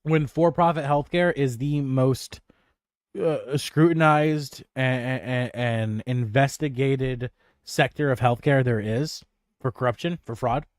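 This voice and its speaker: A man's voice: mid-range voice, takes it slowly, no echo, clean studio sound. A man streaming live reactions to news clips, talking casually with sarcastic, profane, scornful asides.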